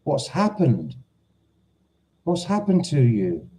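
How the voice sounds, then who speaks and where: Slow, dark-voiced Cockney man. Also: a little high, wildly swooping pitch, low-quality recording. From London. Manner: chatty, teasing, easily confused. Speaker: livestream host. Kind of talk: casual live chat reading viewer comments.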